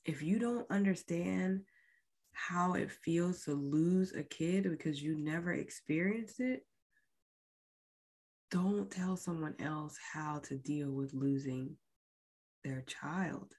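Woman in her thirties, low voice, slow and halting storytelling that drops to near-whispers. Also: darkish tone. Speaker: podcast host. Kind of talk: personal storytelling.

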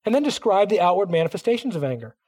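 A middle-aged man preaching a sermon, animated, acting out quoted voices as he teaches. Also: high voice, rapid-fire, slightly rough. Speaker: pastor.

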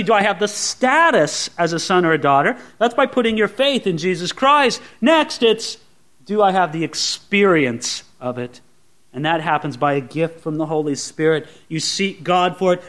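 A man preaching a sermon in an earnest way, rising to loud exclamations and dropping to soft, tender asides. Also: high voice. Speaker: pastor.

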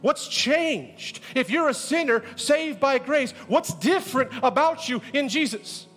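A pastor preaching a sermon in a lively, joking way, firing rhetorical questions at his church. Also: very high voice, measured pace, soft background music. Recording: echoey hall.

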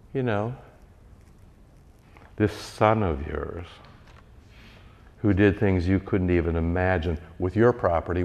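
Lively wry preacher in an echoing hall. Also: male voice, fairly low pitch. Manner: animated, conversational, wry asides. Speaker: pastor. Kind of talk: sermon. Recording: reverberant church hall.

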